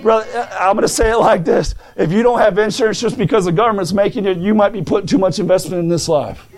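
A male preacher delivering a fervent sermon, stammering and restarting, rising to shouts. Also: sits high, fast.

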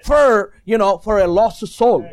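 High-voiced preacher with non-native English. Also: male voice, expressive, unhurried. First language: not English. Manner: many fillers, rising to shouted praise. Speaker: visiting preacher. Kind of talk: sermon.

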